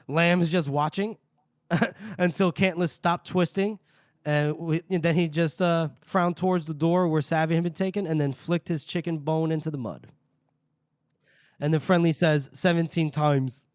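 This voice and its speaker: A man's voice: fairly high pitch, fairly even intonation, moderate pace, no echo, studio quality. A man co-hosting a casual book-discussion podcast, retelling chapters with put-on character voices and plenty of swearing. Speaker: podcast co-host.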